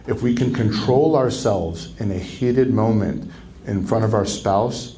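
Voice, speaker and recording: Male marriage counselor at a conference, mellow dark voice, lively lecture with acted-out quotes. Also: a little slow, a little hiss or hum, poor audio. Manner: animated, acts out quoted speech with sharp pitch jumps. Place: conference venue.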